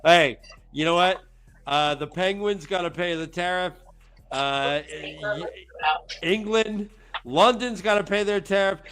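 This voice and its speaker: A man's voice: high voice, slow, fairly bright tone, clear, resonant tone. A man voicing a brash male border official who talks like a wheeler-dealer.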